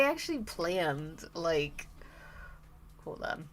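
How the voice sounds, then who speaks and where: A woman's voice: medium pitch, lively intonation, unhurried, pauses often. A young woman chatting casually on her art stream, rambling and stopping herself mid-sentence, often laughing. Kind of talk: casual live-stream chat. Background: soft background music.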